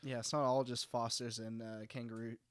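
A young man from Texas talks through a podcast topic in a meandering, swear-filled way, leaning on fillers. His voice is clean and smooth. The recording is dry and close. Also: mid-range voice, little pitch movement, a little fast, dry recording. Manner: rambling, profane, lots of fillers. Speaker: podcast co-host. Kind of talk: casual political chat.

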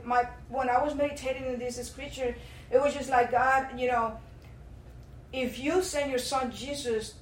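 A woman's voice: sits high, a little hiss or hum. A woman giving an earnest, impassioned sermon-style testimony as a church speaker. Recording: roomy sound from a distant mic.

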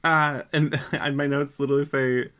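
A bright, slightly high-voiced man co-hosting a podcast. He chats casually and giggles, with plenty of fillers. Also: little pitch movement, moderate pace. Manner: giggly, chatty, filler-heavy. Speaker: podcast co-host. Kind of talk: casual chat.

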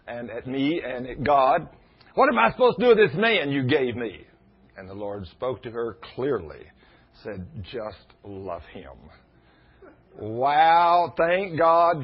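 Folksy preacher, husky and muffled. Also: male voice, mid-range voice. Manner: folksy, animated, laughs at his own stories. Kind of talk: storytelling sermon. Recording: dull lo-fi recording.

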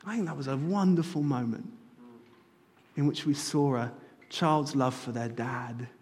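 A man's voice: medium pitch, measured pace, a little mellow, slightly rough. A man preaching a sermon as a church pastor, earnest and rising to fervent appeals. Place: church sanctuary. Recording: long hall reverb.

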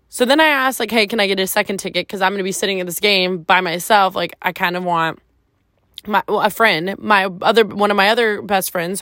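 A woman tells a personal story on her podcast in a loose, candid, chatty way, peppered with "like" and the odd swear word. Her voice sits at an ordinary middle pitch. The sound is dry, with no room around it. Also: fairly bright tone, no room sound. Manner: casual, chatty, heavy use of "like", swears freely. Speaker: podcast host.

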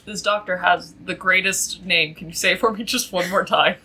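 A woman co-hosting a casual podcast, reacting with quick jokes. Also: lowish voice, steady tone, pushed and bright, breathy edge, low-quality recording. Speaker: podcast co-host.

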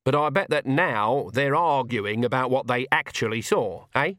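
A man's voice: mid-range voice, normal speed, a bit bright, no room sound, clean studio sound, lightly acted. A man voicing a stern, fierce old woman witch in an audiobook, with blunt, preaching rural speech. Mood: scornful. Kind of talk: audiobook character voice.

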